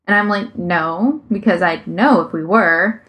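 Woman reading as a stammering, flustered young man in a storybook; slow, halting delivery. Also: fairly low pitch, fairly bright tone. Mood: confused. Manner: hesitant, stammering. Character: flustered young man, oblivious best friend.

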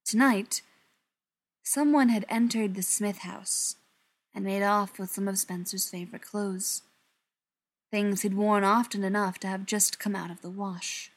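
A woman narrating a novel aloud in an expressive storytelling manner, sometimes dropping to near-whispers. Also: medium pitch, unhurried. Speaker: audiobook narrator. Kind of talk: scripted narration.

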